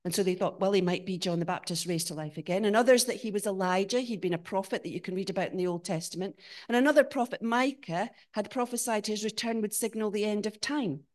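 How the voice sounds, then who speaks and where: A woman delivers a sermon in church with real animation. Her voice climbs and gets louder on the big points, then falls to a hush for the searching questions she puts to the congregation. Her pitch sits in a middling range for a woman. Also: quick pace. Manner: animated, rising to emphatic peaks and dropping to quiet questions. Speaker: preacher.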